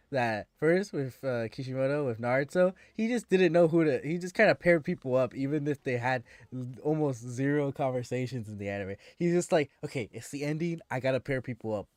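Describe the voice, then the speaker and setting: A man's voice: medium pitch, darkish tone, dry recording. A man streaming and chatting casually with viewers, ranting in an exasperated way and often restarting his sentences.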